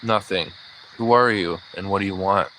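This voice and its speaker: A man voicing a desperate, frightened young man who speaks in tense, halting bursts. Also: sits low, pushed and bright, a little hiss or hum, rough recording.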